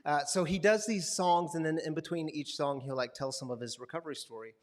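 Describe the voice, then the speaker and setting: Animated man preaching a story. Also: fairly high pitch, a little fast. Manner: animated storyteller, acts out quotes and buzzing sounds. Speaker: pastor of a recovery community. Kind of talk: storytelling sermon. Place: gathering hall with a live audience.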